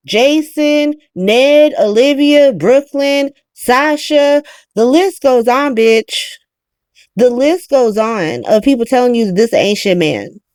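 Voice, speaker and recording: A woman's voice: high-pitched, a little mellow, no room sound, clean studio sound, voice pushed up. A woman voicing an exasperated middle-aged mother who rants, curses and answers with sarcasm. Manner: profane, ranting, sarcastic.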